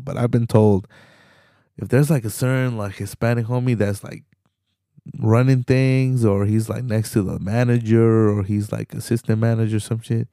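A young solo podcast host rants loosely, swearing, using slang, rambling, and dropping "man" into nearly every sentence. He has a low, dark voice with vocal fry. The studio-quality sound has no room noise.

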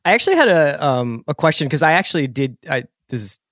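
A man's voice: on the high side, very animated, quick pace, a bit bright, no echo, clean studio sound. An American man co-hosting a podcast, asking long, rambling questions in a casual, jokey way. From United States. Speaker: podcast co-host.

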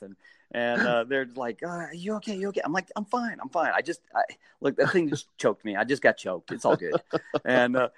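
A middle-aged man telling a story in a casual interview, animated, jumping into high-pitched bursts when he acts out what people said. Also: dry recording, clean studio sound. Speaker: guest, stadium mascot performer.

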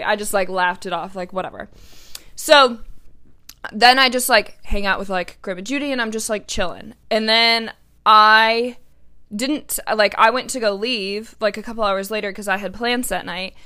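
A woman's voice: medium pitch, bright, forceful tone, clear, resonant tone. A young woman, hosting a podcast and telling a personal story in a chatty way, full of fillers and casual swearing. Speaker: podcast host.

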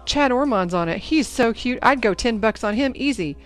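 A woman's voice: on the high side, expressive, normal speed, soft background music, voice pushed up, close to an everyday voice. A woman voicing a gushing, snobbish teenage girl in a storybook reading. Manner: gushing, sniffy.

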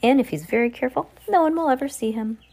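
A plucky little boy turned mouse, speaking in a raised, earnest storybook voice as a woman reading aloud plays him. He sounds bright and eager to prove himself. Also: sits high, fast, pitched above the performer's own voice. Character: clever young boy turned mouse, brave.

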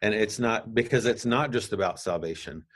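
A man hosting a podcast, reading scripture aloud and explaining it in a casual, halting way with asides. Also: on the low side. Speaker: podcast host. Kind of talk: casual Bible teaching.

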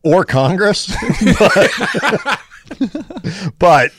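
Sports radio co-host guy, joking around, lively up and down voice, dry sound. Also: high voice, very slow, dry recording. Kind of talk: casual sports radio chat.

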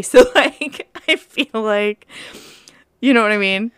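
A woman's voice: medium pitch, sing-song, sharp tone, no room sound, clean studio sound. Laughing woman podcast co-host. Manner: playful, laughs often, quick asides. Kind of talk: casual chat.

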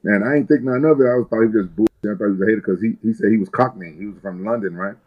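A man from the United States speaks in a fairly low register, laid-back and loose as a talk-show guest. He rambles with frequent restarts and drops swear words freely. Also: very fast, phone-quality sound. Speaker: guest fighter. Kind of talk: casual interview storytelling.

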